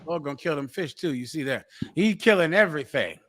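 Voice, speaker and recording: A man with a high, bright voice lectures like a preacher, hammering his points with repetition. His voice sounds close and dry, with no room around it. He declaims more than he chats. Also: animated, a little fast, no room sound. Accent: American. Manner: forceful, declaiming, repeats phrases for emphasis. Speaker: talk show host. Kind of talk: preaching commentary on a live show.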